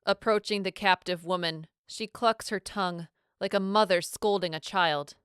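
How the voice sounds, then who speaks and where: Low, smooth-voiced woman narrator for a dramatic audiobook, close and dry. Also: fairly even intonation, a bit bright, no echo. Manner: measured, dramatic storytelling.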